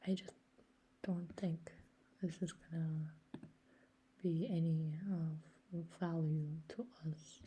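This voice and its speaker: A woman's voice: low-pitched, flat delivery, slow pace, long pauses, mellow, breathy edge, low-quality recording. A woman in a group discussion, speaking blunt asides in a near whisper.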